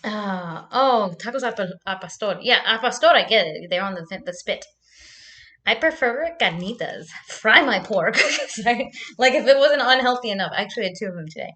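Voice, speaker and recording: Young woman vlogger, loose and chatty, salty language, quick to laugh. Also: medium pitch, animated, sharp tone. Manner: chatty and loose, swears freely, laughs often. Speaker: vlogger hosting a live chat. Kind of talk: casual livestream chat.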